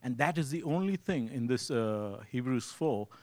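A man's voice: medium pitch, expressive, moderate pace, darkish tone. Man preaching in a conversational style. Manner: conversational, repeats "you see"; acts out his own inner voice in quotes. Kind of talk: sermon.

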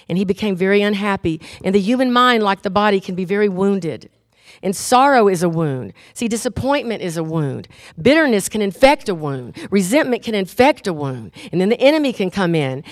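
A middle-aged woman preaching a sermon, telling stories with lively acted-out voices. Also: medium pitch, dry recording, clean studio sound. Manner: animated storytelling, acts out inner voices.

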